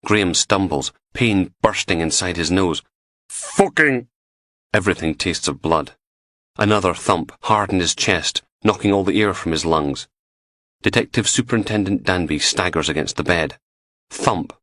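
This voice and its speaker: A man with a very deep voice reads an audiobook in steady, measured scripted narration. He is recorded close and completely dry, with no room sound. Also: dry recording.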